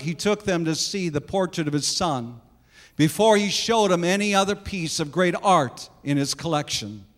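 Male preacher, high voice, earnest storyteller, long hall reverb. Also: fairly bright tone. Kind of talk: sermon illustration storytelling.

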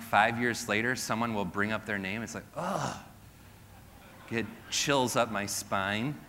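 A man's voice: on the low side, pushed and bright, a little hiss or hum. A middle-aged man, a pastor, preaching a sermon with self-deprecating humor and rhetorical questions to the congregation. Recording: long hall reverb.

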